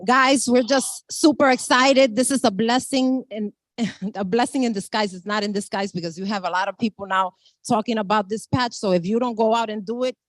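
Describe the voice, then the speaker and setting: A woman in network marketing giving an enthusiastic, rallying motivational pitch to her team. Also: steady tone, moderate pace, dry recording.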